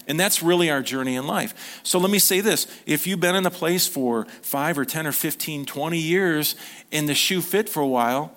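A man's voice: a little high, normal speed, a bit bright. A middle-aged man preaching an informal sermon to his congregation, talking conversationally, acting out short quotes and often restarting his sentences. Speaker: pastor.

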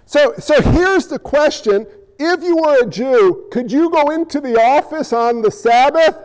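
A pastor preaching a sermon in a conversational style, firing off rhetorical questions and pausing for effect. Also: male voice, very high-pitched, lively intonation, darkish tone. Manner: conversational, asks rhetorical questions, dramatic pauses. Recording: long reverb in a large hall.

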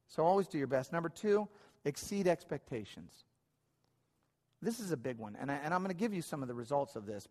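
Man preaching in a reverberant hall. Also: medium pitch. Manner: conversational, many restarts and repeated phrases. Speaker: pastor. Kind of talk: sermon. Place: church hall.

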